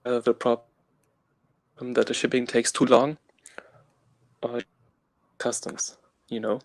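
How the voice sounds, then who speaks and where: A man from Germany with a German accent, a guest answering interview questions in a measured, hesitant way. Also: medium pitch, little pitch movement, creaky, low-quality recording. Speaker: guest invertebrate keeper.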